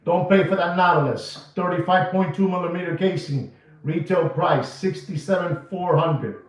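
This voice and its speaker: Here a watch dealer from New York, fairly high-pitched and moderately paced, holds forth on the watch market in front of the camera. The patter is pushy, slang-heavy and repetitive, captured in a muffled, faraway, echoing recording with music playing.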